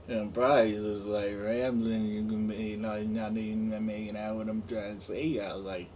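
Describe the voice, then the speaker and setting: A man's voice: mid-range voice, fairly even intonation, normal speed, a little hiss or hum. A man in his forties, rambling goofily through an unboxing vlog, mumbling and joking to himself. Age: 40s. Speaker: unboxing vlogger.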